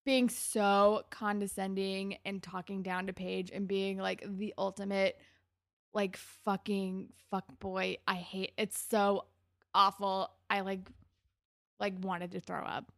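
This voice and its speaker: A woman's voice: medium pitch, takes it slowly, vocal fry, dry recording, clean studio sound. A young woman in casual chat, animatedly retelling a show's scenes and acting out the characters' lines. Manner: animated retelling with acted-out quotes, lots of "like". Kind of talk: casual chat recapping a show.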